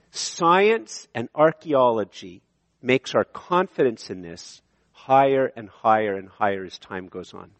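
A male pastor giving a sermon in an animated, conversational way, often correcting himself mid-sentence. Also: medium pitch, dry recording.

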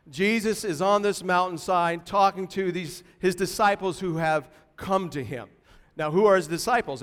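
Male pastor, sermon delivery: high voice, deliberate emphatic stresses, reverberant hall. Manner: emphatic, slow and deliberate, building to loud stresses.

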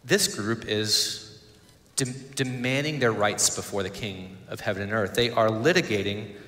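A man's voice: fairly low pitch, fairly bright tone. Earnest male pastor in an echoey hall. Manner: earnest, pausing, repeating words. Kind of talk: sermon.

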